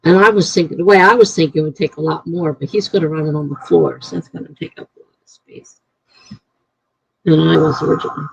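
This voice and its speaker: Gravelly rambling woman streamer. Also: low-pitched, fairly even intonation, quick pace, dry recording. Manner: rambling, thinks out loud. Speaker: writer live-streaming. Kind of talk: casual live-stream chat. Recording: dry, slightly dull lo-fi mic.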